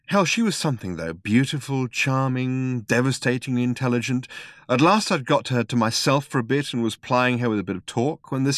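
A man reading aloud and voicing an indignant, stubborn ordinary Englishman who speaks in slow, pointed, clipped lines. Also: mid-range voice, a bit bright, no room sound, studio quality, voice pushed up, lightly acted.

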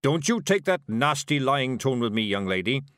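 A man's voice: mid-range voice, expressive, unhurried, no echo, clean studio sound, pitched above the performer's own voice, natural voice. Man doing a blustering pompous dwarf shopkeeper. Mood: indignant. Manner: lofty, indignant, loud.

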